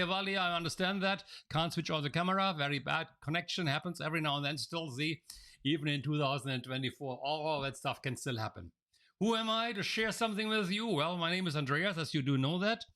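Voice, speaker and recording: A man runs a live coaching webinar over a video-call mic, greeting attendees and reading their names from the chat. His voice sits a bit high for a man and sounds bright and forceful. He often doubles back on words and restarts his sentences as he talks. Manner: addresses viewers directly, reads out names from the chat. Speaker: NLP trainer running a live online session. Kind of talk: interactive live webinar teaching. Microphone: video call microphone.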